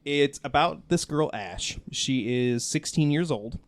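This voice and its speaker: A man's voice: on the high side, expressive, slow. A man hosting a podcast in casual chat, rambling with lots of fillers. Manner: rambling, lots of "like" and "you know". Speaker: podcast host.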